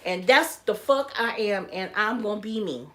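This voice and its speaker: A woman's voice: medium pitch, moderate pace, a bit bright. A woman chatting casually on a live stream, emotional and repetitive. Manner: emotional, chatty, repeats herself. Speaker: livestreamer.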